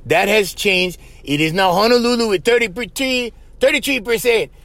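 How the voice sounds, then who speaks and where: A man from Hawaii hosts his own podcast in thick Hawaiian Pidgin, chatting loosely and joking, calling everyone "bro". His voice sits high and comes across bright and forceful. The recording is close and dry, with no room sound. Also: moderate pace, dry recording. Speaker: podcast host. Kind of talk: casual solo podcast chat.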